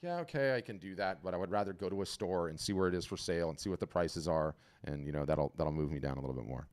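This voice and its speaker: A man hosting a casual live video-call webinar, talking in an animated, chatty way and often repeating and restarting his words. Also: deep voice, fast talker, no room sound. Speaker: webinar host auditing artist profiles. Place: home.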